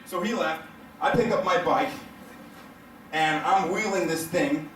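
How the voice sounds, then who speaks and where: High-voiced man doing stand-up in echoey room. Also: a little slow, long pauses, very noisy. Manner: animated, profane, laughs through his lines. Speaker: stand-up comedian. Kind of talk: stand-up storytelling to a live audience. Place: hotel event room stage. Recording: echoey room, mic heard from a distance.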